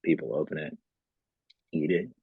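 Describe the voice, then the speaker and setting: Very deep husky man telling his story. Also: normal speed, phone-quality sound. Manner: rambling, many "you know" fillers. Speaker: company founder, podcast guest. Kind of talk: casual storytelling interview.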